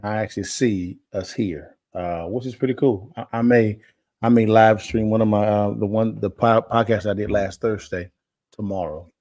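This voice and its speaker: A man co-hosting a live stream, talking casually and telling stories in a relaxed, animated way. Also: lowish voice, moderate pace, no room sound. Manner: relaxed storyteller, animated when retelling. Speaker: co-host.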